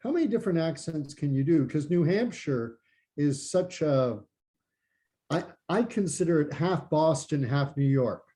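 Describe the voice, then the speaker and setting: A man's voice: on the high side, expressive, a little slow, warm tone, rough recording. A middle-aged man from New Jersey hosting a casual interview, asking friendly questions with eager follow-ups. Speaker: host.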